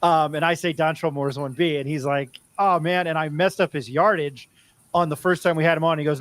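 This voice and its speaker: A sports talk host with a slightly raised pitch rambles in a friendly way, circling back and restarting his sentences. His voice is close and dry, with no room sound. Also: moderate pace, fairly bright tone, dry recording. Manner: rambling, chummy, restarts often. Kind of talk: casual interview chat.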